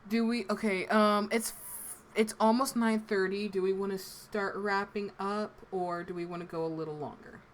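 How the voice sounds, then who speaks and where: A woman's voice: mid-range voice, fairly even intonation, moderate pace, slight background noise. A woman with an American East Coast accent hosting a casual live stream, giving rambling advice full of fillers. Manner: chatty, meandering, gives advice with many fillers. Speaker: voice actor and stream host.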